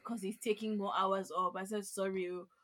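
A woman's voice: mid-range voice, flat delivery, moderate pace, crowd noise. Playful woman chatting. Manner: playful, slangy, mixes in Nigerian Pidgin. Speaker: podcast co-host. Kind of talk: casual chat.

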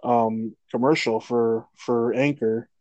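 Profane, animated male podcast host. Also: medium pitch, slow, no room sound, highs cut off. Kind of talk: casual sports chat.

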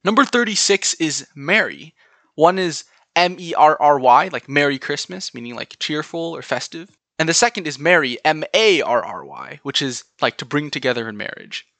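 A man's voice: a little high, lively intonation, normal speed, vocal fry, fairly bright tone, no echo. A man with a General American accent hosting a solo podcast, chatting through word lists and spelling words out letter by letter. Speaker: podcast host.

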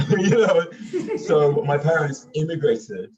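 Man, casual chat, animated, repeats words, laughs mid-story, far from the mic, dull lo-fi sound. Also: fairly high pitch, slow, a crowd in the background. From Sweden. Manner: animated, repeats himself, laughs while telling stories. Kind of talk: casual conversation.

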